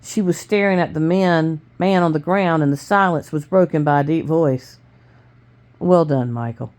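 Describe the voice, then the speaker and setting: A woman reading a novel aloud to her family in plain, steady storytelling with small stumbles. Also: low-pitched, normal speed. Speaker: family reader.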